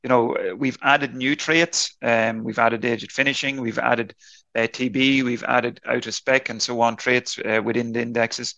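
A man answering interview questions on a podcast, explaining at length in a halting way with frequent restarts and fillers. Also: medium pitch, steady tone, creaky, pushed and bright, no echo. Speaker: beef enterprise leader answering interview questions.

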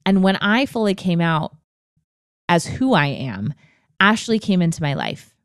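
A woman's voice: fairly low pitch, very animated, measured pace, clear, resonant tone, no room sound, studio quality. A woman in her twenties hosting a podcast, telling a personal story in an earnest, open way. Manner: earnest and open, emotional at times. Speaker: podcast host.

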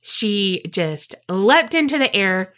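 A woman co-hosting a podcast, telling a story in casual chat, animated and swearing freely. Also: mid-range voice, slow. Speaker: podcast co-host.

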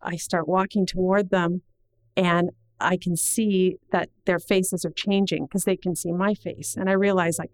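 A middle-aged woman telling a personal story to an audience in an earnest, measured way, slowing down at the heavy moments. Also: on the low side, fairly even intonation, no echo, poor audio.

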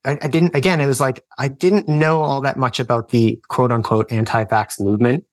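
A man's voice: mid-range voice, fairly even intonation, brisk, no echo. Earnest rambling man, dry close sound. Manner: rambling, earnest, many fillers and restarts. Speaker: podcast guest. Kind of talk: personal storytelling in casual chat.

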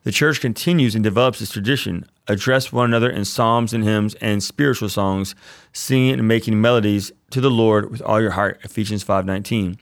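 A man's voice: lowish voice, a little fast, dry recording, studio quality. A man, a priest hosting a podcast, teaching casually in an earnest, enthusiastic way, often repeating himself.

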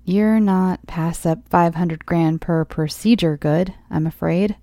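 A woman voicing a calm, menacing male surgeon who speaks in a low, hushed, threatening way. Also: slow pace, no echo, studio quality. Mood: cold.

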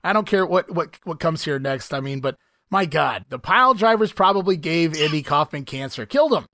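Male podcast host, lively and incredulous, dry close mic. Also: a little high, fairly quick, dry recording. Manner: animated, laughs often, incredulous. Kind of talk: casual podcast commentary.

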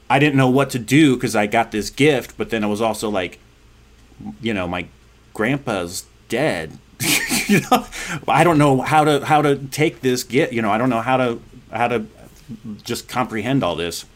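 A man on a podcast telling a personal story in a casual, rambling way, often laughing and then going quiet and reflective. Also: mid-range voice, animated, normal speed.

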